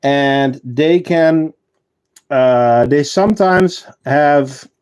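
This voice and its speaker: Slow-talking man on a casual livestream. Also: medium pitch, darkish tone, clear, resonant tone. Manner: chatty and unhurried, with fillers and self-corrections. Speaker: ant-keeping channel host and shop owner. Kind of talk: casual livestream chat, answering viewer comments.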